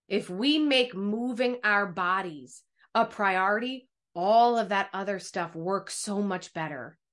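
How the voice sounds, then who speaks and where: A woman speaking coach teaching an online workshop over a video call, energetic and encouraging, speaking straight to her listeners. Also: fairly high pitch.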